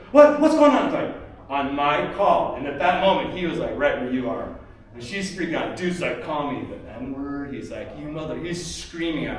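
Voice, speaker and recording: A man speaking at a seminar, telling a story casually and rambling, with many "you know"s and acted-out quotes. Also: medium pitch. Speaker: seminar speaker, tournament kayak angler. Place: expo seminar hall. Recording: echoey hall, mic far off.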